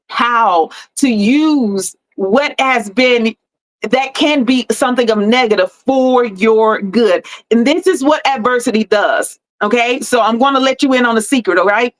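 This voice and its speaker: Woman, fairly high voice, motivational live talk, preachy, repeats lines for emphasis, faith-forward encouragement. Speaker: host and life coach.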